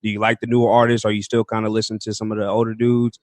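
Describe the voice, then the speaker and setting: Fast-talking young podcast host, low voice. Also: male voice, completely flat delivery, no echo. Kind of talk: casual podcast interview.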